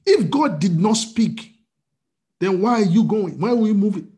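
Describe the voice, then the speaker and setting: A man's voice: high-pitched, expressive, measured pace, warm tone. A man preaching a sermon as pastor, asking the congregation rhetorical questions.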